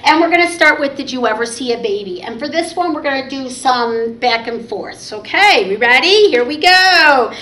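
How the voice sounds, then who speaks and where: Bright sing-song woman librarian. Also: high voice, animated, moderate pace, hardly any pauses. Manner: sing-song, cheerful and encouraging toward little ones. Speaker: children's librarian. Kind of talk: baby storytime with songs and rhymes. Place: library program room.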